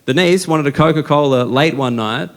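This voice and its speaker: Brash Australian comedian on stage. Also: male voice, on the high side. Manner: brash, profane, deadpan storytelling with quick asides. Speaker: stand-up comedian. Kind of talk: stand-up comedy set. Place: comedy stage with live audience laughing. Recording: live show with audience noise.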